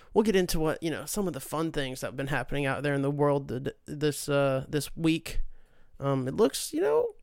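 A podcast host in his late twenties rants casually, his voice on the high side with vocal fry. He is profane and sarcastic, putting on animated mock voices, and the recording is dry and studio quality.

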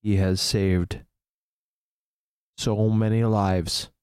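Man playing a stern armored knight, low and grave. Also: level tone, extremely slow, a little mellow, clear, resonant tone, no echo. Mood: solemn. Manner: grave, declamatory. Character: stern armored male knight, steadfast and dutiful.

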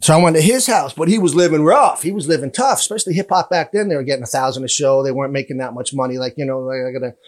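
A man spinning street stories in a loose, animated way. His pitch sits a little high for a man, and he jumps into other people's voices. He laughs and curses as he goes. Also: very fast, hardly any pauses, no room sound. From Canada. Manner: animated, acts out voices, laughs often, swears. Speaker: guest musician. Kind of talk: casual storytelling interview.

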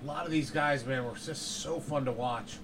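Excitable podcast guy with faint room noise. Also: mid-range voice, normal speed. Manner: excitable, rambling, trailing off mid-thought. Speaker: podcast co-host. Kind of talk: casual chat.

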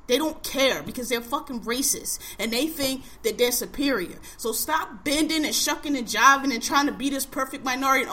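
A woman with a high, bright, sharp-edged voice, ranting in a casual podcast talk. She talks heatedly and profanely, punching her points with strong emphasis. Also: brisk, hardly any pauses.

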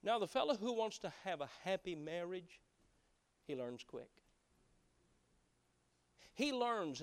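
Folksy male preacher, high voice, acts out dialogue quietly, then builds to loud emphatic peaks. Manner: swings between hushed acted-out dialogue and loud emphatic preaching; folksy, preaching with colloquial phrases. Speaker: pastor. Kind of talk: sermon.

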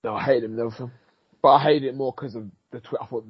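Raspy fast-talking man. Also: mid-range voice, steady tone, dry recording. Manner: blunt, quick opinions. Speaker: podcast co-host. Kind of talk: casual film review chat. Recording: dull, slightly lo-fi dry sound.

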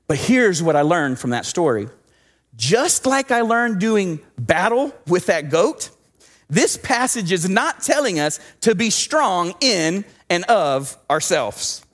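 A man, a pastor from Southwest Texas, preaching a sermon and telling a personal story with animated swings between loud and hushed delivery. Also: on the high side.

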